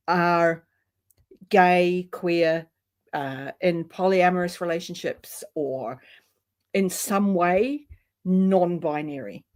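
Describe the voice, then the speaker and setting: A woman hosting a relaxed chat. She talks in a chatty, easy way and laughs often. Her voice sits at a middle pitch. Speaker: host. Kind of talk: casual chat.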